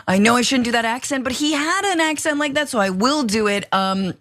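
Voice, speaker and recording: A woman's voice: fairly high pitch, a little fast, few pauses, a bit bright, no room sound, clean studio sound. A woman hosting a news commentary show, talking conversationally with many fillers.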